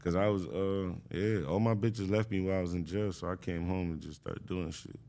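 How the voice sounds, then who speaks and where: A man's voice: low-pitched, fairly even intonation, fairly quick, warm tone. A man guesting on a podcast, laid-back and slangy, talking in short replies. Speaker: guest musician. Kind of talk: casual interview chat.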